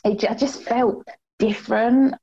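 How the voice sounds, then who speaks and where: A woman's voice: fairly high pitch, fairly even intonation, normal speed, muffled recording, a crowd in the background. A woman with a Cockney English accent talking openly and reflectively as an interview guest, with many fillers. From England. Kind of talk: candid conversational interview.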